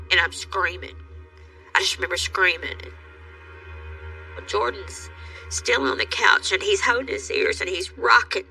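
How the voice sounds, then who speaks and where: Older woman, interview, emotional halting retelling, gravelly, distant from mic. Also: mid-range voice, animated, sharp tone, faint music behind. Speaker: interviewee recounting a crime. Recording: voice from far off the mic.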